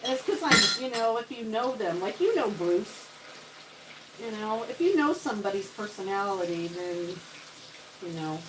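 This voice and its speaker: A woman's voice: medium pitch, expressive, moderate pace, background noise. A woman hosting a casual live-stream cooking chat in her home kitchen, rambling as she talks to viewers and to her ingredients. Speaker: cooking livestream host.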